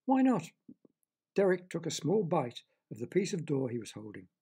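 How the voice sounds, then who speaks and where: A man narrating a children's audio story in a gentle, expressive reading manner. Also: a little high, fairly quick, husky.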